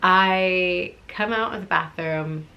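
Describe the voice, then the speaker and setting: A young woman with a slightly low voice tells a personal story straight to the camera. She talks in a chatty, animated way, laughing often and acting out both sides of a conversation. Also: takes it slowly, highs cut off. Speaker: vlogger answering viewer questions.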